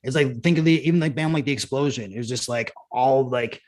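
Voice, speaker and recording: A man's voice: mid-range voice, fairly quick. A man, a former punk musician turned showrunner, telling rambling stories in casual podcast conversation, full of "like" and restarts.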